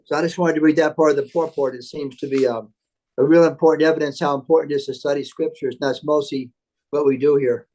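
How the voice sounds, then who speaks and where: A man giving a religious class, reading scripture aloud and commenting in a halting way with fillers. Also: a little high, steady tone, darkish tone, low-quality recording. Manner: halting, with many fillers and restarts between readings. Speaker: guest speaker.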